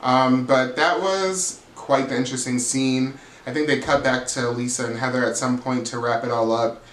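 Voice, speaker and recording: A man's voice: mid-range voice, steady tone, moderate pace, a bit bright, roomy sound, rough recording. A man giving a casual, gossipy, profane recap of a reality TV episode, sassy and chatty as he talks straight to his viewers. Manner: sassy, profane, chatty, calls people "girl".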